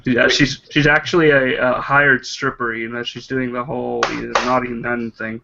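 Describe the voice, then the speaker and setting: A man with a gravelly, flat-toned voice, joking with the group during a tabletop game. His voice comes over a muffled online call with hiss behind him. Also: medium pitch, normal speed. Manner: joking, playful. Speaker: player. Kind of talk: casual banter at the table.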